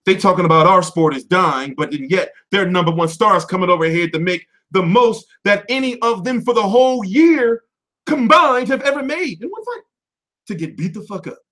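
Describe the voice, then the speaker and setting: Animated, swearing man ranting on a livestream. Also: high-pitched, moderate pace. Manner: animated, swearing, jumps between loud and mumbled. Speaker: boxing commentary livestream host. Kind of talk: profane off-the-cuff rant. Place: at home.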